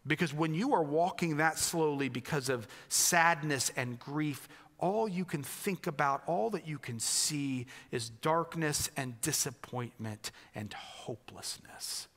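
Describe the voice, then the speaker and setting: A man from the United States preaching a sermon as a pastor, reflective and restarting phrases, turning animated when he quotes other people. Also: on the high side, measured pace, long reverb tail.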